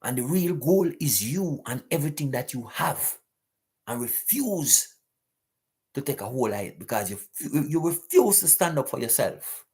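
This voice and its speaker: A man's voice: medium pitch, very animated, moderate pace, a little mellow, husky. A man hosting a live talk stream, preaching emphatically and repeating rhetorical questions to his listeners.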